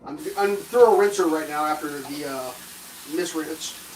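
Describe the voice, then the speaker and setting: This is a man spinning a rambling, profanity-laced story for a livestream audience while making breakfast. His voice sits a little higher than most men's. Faint clatter of cutlery and dishes hangs in the background. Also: moderate pace, noisy background. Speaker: livestream host. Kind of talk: casual storytelling while cooking.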